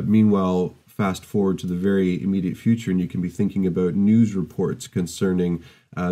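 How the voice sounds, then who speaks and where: Deep, mellow-voiced male lecturer. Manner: thoughtful, measured with frequent fillers and restarts. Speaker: university lecturer. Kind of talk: recorded open day presentation.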